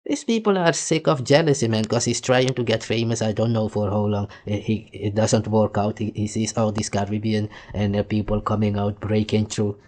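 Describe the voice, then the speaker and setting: A man's voice: on the low side, steady tone, normal speed, few pauses, darkish tone. A man hosting a reaction video, mocking and arguing heatedly with the clip he plays. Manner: mocking, insulting, argumentative. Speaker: commentary host reacting to clips.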